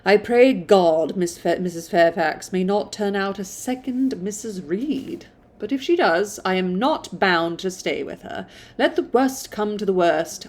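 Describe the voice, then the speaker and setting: A woman's voice: mid-range voice, lively intonation, unhurried, darkish tone. A woman reading a classic novel aloud, stumbling now and then and stopping for casual asides. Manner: stumbles and restarts, self-commenting.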